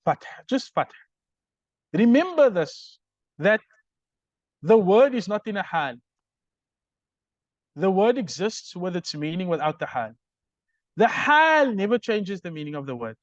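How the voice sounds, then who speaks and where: A man's voice: sits high, very animated, unhurried, long pauses, dry recording, lo-fi sound. A man teaching Arabic grammar in a recorded lecture, explaining step by step and often checking understanding with "right?".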